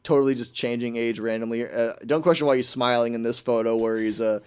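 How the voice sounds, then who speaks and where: Radio host, male, rapid-fire delivery, mocking and incredulous, casual banter. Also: mid-range voice, steady tone, a little mellow, clean tone. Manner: fast, incredulous, mocking ranting. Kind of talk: casual comedic chat.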